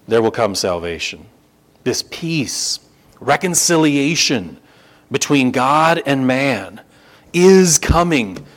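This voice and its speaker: A pastor delivering a sermon, stressing key phrases and repeating them for emphasis. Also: male voice, on the high side.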